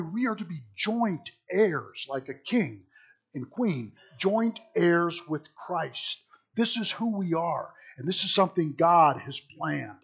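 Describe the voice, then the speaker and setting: A pastor delivers a sermon, reading verses aloud before unpacking them in an easy, conversational way. His voice sits a little high for a man and has a husky edge. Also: expressive, slow pace. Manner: reads scripture then explains it in plain conversational asides.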